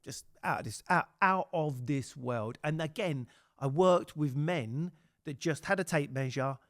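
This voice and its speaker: A man's voice: fairly high pitch, a little slow, no echo, clean studio sound. A man hosting a casual chat, telling swear-laden stories with acted-out quotes. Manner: swears freely, animated storytelling with acted quotes. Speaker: podcast host.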